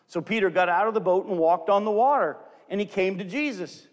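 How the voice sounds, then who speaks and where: A man's voice: high-pitched, expressive, a little fast, few pauses. A man preaching a sermon to his congregation, reading scripture aloud and acting out the quotes with animation. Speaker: pastor. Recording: long hall reverb.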